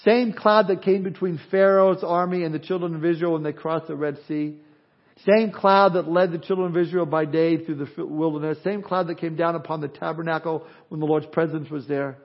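High-voiced man preaching a sermon. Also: brisk, highs cut off. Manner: expressive preaching, swings from loud emphasis to quiet asides. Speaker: pastor.

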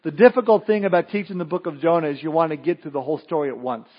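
A pastor with a high voice preaching a sermon, moving between folksy jokes and prayer. The recording is dull and lo-fi, with muffled highs. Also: male voice, rapid-fire. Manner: folksy, joking asides and prayer.

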